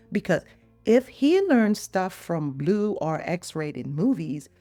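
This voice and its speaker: A woman's voice: fairly low pitch, dark tone, no room sound. A middle-aged woman hosting a podcast, chatting in a playful way with teasing asides to the listener. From Jamaica. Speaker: podcast host and physician.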